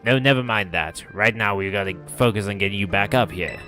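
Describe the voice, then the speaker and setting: A man's voice: fairly low pitch, brisk, bright, forceful tone, soft background music. Man reading as Nemona, eager teen girl. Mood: earnest. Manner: reads on-screen game dialogue aloud, slipping into an accent. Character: eager teen girl game companion, read aloud.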